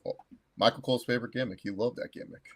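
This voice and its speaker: A man's voice: medium pitch, racing, slightly rough. A man co-hosting a casual review chat, telling stories and acting out what other people said. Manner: animated storyteller, acts out what others said. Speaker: co-host.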